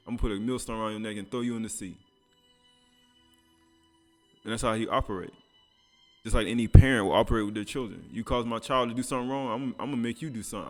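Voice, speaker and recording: Male preacher, light music behind. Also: mid-range voice. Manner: reads scripture aloud then comments in casual speech, laughing. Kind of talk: sermon.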